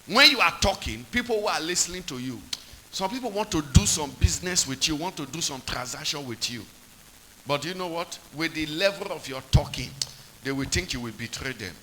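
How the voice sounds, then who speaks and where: A man's voice: a little high, animated, a little fast, sharp tone, slight background noise, rough recording. A man preaching a sermon, repeating points and quizzing the congregation with call-and-response questions.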